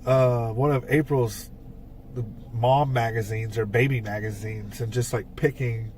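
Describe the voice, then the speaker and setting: A man's voice: medium pitch, fairly even intonation, measured pace, darkish tone, distant mic, slight background noise. Rambling man telling band stories, off-mic. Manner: rambling storyteller with frequent fillers and swearing. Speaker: podcast co-host and band songwriter. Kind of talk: casual chat.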